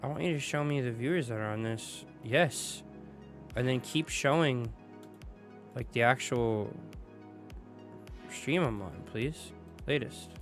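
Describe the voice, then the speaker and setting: A man's voice: mid-range voice, measured pace, long pauses, faint music behind. A young man hosting a casual livestream chat, laid-back and slangy, greeting viewers and laughing often. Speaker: streamer host.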